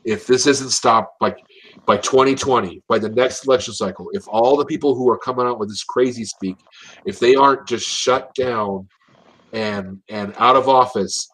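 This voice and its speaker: An American man talks politics with pressing urgency at a medium pitch. He hammers his points home and keeps circling back with repeated phrases and restarts, sounding like a commentator who is fired up. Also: normal speed, a bit bright, low-quality recording. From United States.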